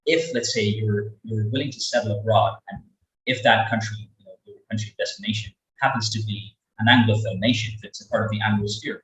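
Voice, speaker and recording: His voice sits on the low side, fairly bright, with fairly even intonation and a fairly quick pace. He's presenting a webinar about English accents, rambling through fillers and repeated words, heard from a distance in a room with echo.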